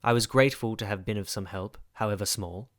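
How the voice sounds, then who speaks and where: A man narrating a storybook in a quiet, measured way. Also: fairly low pitch, dry recording, clean studio sound.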